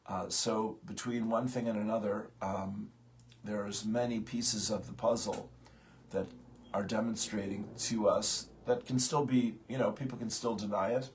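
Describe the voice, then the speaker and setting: A man hosting a morning spiritual talk, speaking haltingly with many pauses and fillers, just out of bed. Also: on the low side, fairly even intonation. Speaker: host of a morning spiritual program.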